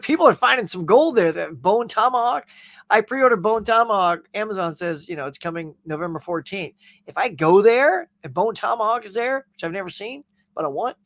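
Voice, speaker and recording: High-voiced chatty man hosting a live stream. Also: no echo. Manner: chatty, jokey, animated. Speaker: host. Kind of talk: casual live stream chat, reading viewer comments.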